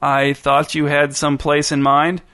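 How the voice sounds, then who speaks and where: A man's voice: a little high, completely flat delivery, a little slow, sharp tone. A man voicing an earnest, slightly hurt young woman on an awkward date, in a storybook reading. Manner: earnest, hurt, a bit defensive.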